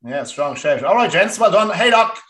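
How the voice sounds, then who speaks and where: A man's voice: sits high, lively intonation, normal speed, a bit bright, roomy sound. A man hosting a casual horse racing tips podcast with jokey banter. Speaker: podcast host.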